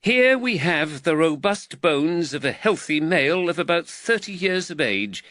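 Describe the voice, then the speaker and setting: A man's voice: fairly high pitch, big pitch swings, unhurried, fairly bright tone, dry recording, pitched above the performer's own voice. A man voicing a nervous young medical student. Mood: earnest.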